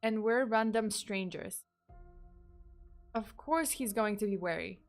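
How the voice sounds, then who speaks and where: A woman's voice: mid-range voice, slow, soft background music. A woman voicing a cocky, sarcastic young man who teases his friend. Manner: teasing, sarcastic.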